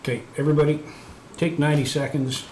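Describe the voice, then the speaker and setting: A man's voice: a little high, flat delivery, quick pace, darkish tone. A man hosting a casual livestream, rambling and self-mocking with lots of fillers and restarts. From Canada. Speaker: livestream host. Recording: echoey room, faint background noise.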